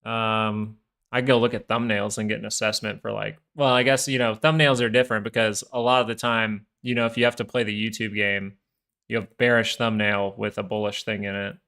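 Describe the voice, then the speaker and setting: A man's voice: fairly low pitch, level tone, brisk, gravelly, fairly bright tone, smooth. A man hosting a live stock market stream, talking casually in a rambling, chatty way. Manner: rambling, chatty, full of fillers and asides.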